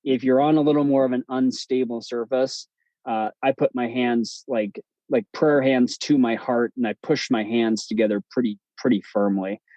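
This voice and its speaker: A man, a guest on an interview podcast, telling stories in a relaxed, chatty way with plenty of fillers and restarts. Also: mid-range voice, moderate pace, dry recording, highs cut off. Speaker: podcast guest, breathwork instructor. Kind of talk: casual storytelling interview.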